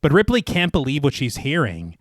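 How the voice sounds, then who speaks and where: A fairly high-voiced man narrates a horror film scene by scene, his pitch swinging widely as he dramatizes each beat. He drops into a lower voice for quoted lines and breaks off for laughing asides. The sound is dry and close to the mic. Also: wildly swooping pitch, fairly quick, no room sound. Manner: dramatic storytelling, reads movie quotes in a lowered voice, laughs at his own jokes. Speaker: podcast co-host. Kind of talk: scripted film recap narration with casual asides.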